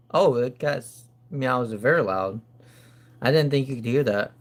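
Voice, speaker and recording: A woman streaming casually from home, cooing and calling out excitedly to her cat. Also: extremely low pitch, unhurried. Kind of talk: casual live-stream chat.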